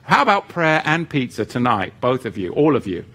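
A middle-aged man preaching a sermon, animated, moving between intense emphasis and joking asides. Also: mid-range voice, normal speed.

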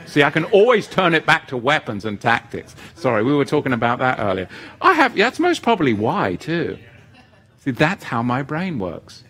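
A middle-aged man preaching a sermon, animated, moving between intense emphasis and joking asides. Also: medium pitch, normal speed, breathy edge.

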